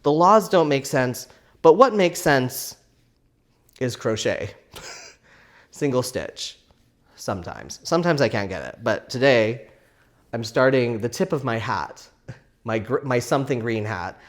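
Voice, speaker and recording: A man's voice: medium pitch, unhurried, pauses often. Chatty man telling a story. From Canada. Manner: animated, laughing, frequent "like" fillers. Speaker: crafting vlog host. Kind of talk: casual storytelling vlog.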